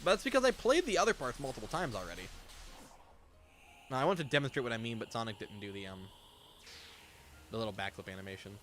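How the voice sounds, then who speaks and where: A man's voice: medium pitch, very animated, quick pace, pauses often, fairly bright tone, slight background noise. A young man chatting casually while streaming a game, rambling and swearing freely. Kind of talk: casual gameplay commentary.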